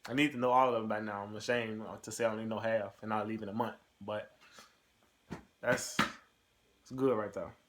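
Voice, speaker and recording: A man's voice: on the low side, little pitch movement, brisk, long pauses, noisy background. A young man talking casually to his camera and answering tag questions, loose and profane, with lots of fillers. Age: young adult. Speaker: recruit in the delayed entry program. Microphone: camera mic.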